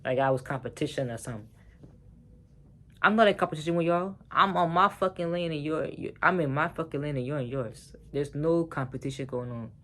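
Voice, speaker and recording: A man's voice: a little high, brisk, fairly bright tone. A man telling a personal story in a casual vlog, heated and profane, talking straight to the viewers.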